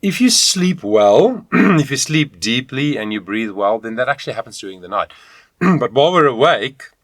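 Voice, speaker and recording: A man teaching a video voice lesson, talking straight to the viewer in an encouraging, animated way. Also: mid-range voice, moderate pace, no echo, clean studio sound. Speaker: vocal coach.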